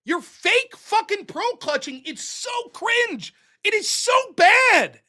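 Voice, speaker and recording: A male livestream host in casual commentary, swinging his pitch widely as he rants. His voice is bright and sharp, full of profanity and laughter. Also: slow. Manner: animated profane ranting, laughs often.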